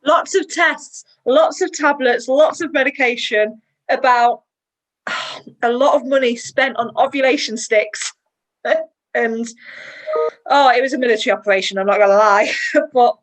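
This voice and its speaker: A woman, a guest in a personal interview, chatty and emotional and quick to laugh. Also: on the high side, rough recording.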